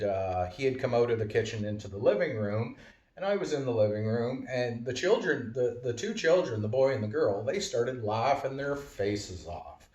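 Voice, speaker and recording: A man's voice: mid-range voice, a little mellow, highs cut off. Guy rambling on with lots of uh's and puns, kinda far from the mic, roomy echo. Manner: rambling, lots of fillers and wordplay. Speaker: vlogger. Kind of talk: casual monologue.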